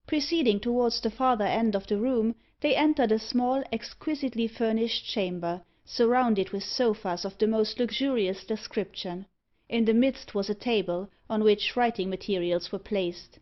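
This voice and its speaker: A woman narrating a gothic novel as an audiobook reader, in a steady, even reading voice. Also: medium pitch, moderate pace. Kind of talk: scripted narration. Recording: dull lo-fi audiobook recording.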